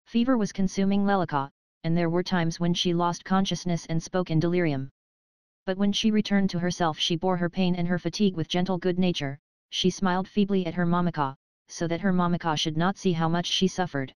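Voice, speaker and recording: A woman reading an audiobook aloud in a measured, unhurried narration style. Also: on the low side, fairly even intonation, clean tone, dry recording.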